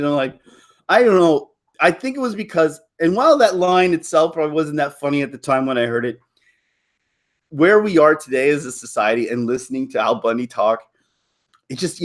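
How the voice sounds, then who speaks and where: A man from Toronto chatting casually to viewers on a live stream, rambling with frequent laughs and restarts. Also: on the high side. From Toronto, Canada. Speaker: livestream host.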